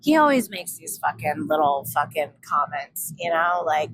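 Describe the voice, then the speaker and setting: A woman telling a story on her vlog in a blunt, profane, animated rant. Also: low voice, normal speed, hardly any pauses, slight background noise, rough recording. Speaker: vlogger.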